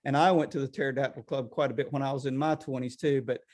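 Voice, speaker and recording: Rambling, animated man potter. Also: mid-range voice, fast talker. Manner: rambling, animated, lots of restarts. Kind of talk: casual video call chat. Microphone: video call.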